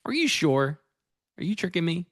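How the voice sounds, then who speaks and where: A man's voice: fairly high pitch, big pitch swings, moderate pace, a bit bright, no room sound, clean studio sound. An American man reviewing his trades on a casual livestream, rambling and easygoing as he chats with viewers. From United States. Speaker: futures trader streaming live.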